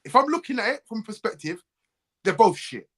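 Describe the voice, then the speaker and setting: A man's voice: high voice, brisk. A man co-hosting a football podcast, ranting in heated casual chat and mimicking other fans. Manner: animated and ranting, mimics other fans' voices. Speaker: co-host.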